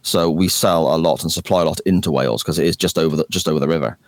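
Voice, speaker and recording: A man's voice: a bass voice, dry recording, studio quality. A man in his forties with a Gloucestershire English accent, chatting as a podcast guest. He says "f" for "th", restarts a lot and laughs at himself. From England. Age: 40s. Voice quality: pronounces "th" as "f". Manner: chatty, self-deprecating, quick to laugh, frequent restarts. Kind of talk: casual chat.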